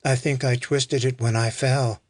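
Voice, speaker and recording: A man putting on a well-dressed woman hurt and strained, her voice lifted and slow. It is a dry, close read. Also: mid-range voice, steady tone, no echo, lightly acted. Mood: pained. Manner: pained, breathless.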